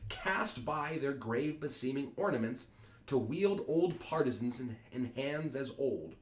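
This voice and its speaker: A man voicing a stern male ruler rebuking feuding subjects in a slow, commanding proclamation. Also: mid-range voice, expressive, natural voice. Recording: echoey room.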